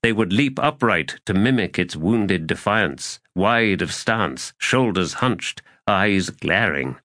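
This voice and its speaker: A man narrates a fantasy novel with a somewhat low, steady voice. His reading is measured and solemn. The recording is dry and close, with no room sound. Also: dry recording. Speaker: audiobook narrator.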